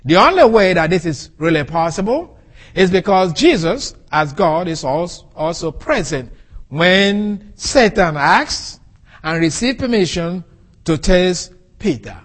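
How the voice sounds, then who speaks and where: A man preaching a sermon, teaching from the Bible and explaining Greek words with an animated delivery. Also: measured pace. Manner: animated, rises and falls sharply in pitch and loudness.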